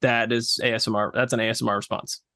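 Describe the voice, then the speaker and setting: A man guesting on a podcast, talking in a relaxed, explanatory way with plenty of fillers. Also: mid-range voice, fast, dry recording, studio quality. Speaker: podcast guest, ASMR creator. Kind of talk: casual podcast chat.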